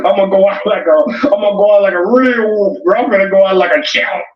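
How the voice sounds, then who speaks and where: High-voiced man laughing through a livestream. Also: fast. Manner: laughs often, loud excited exclamations. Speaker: livestream host reading chat. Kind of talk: casual livestream chat. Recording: echoey, distant, dull sound.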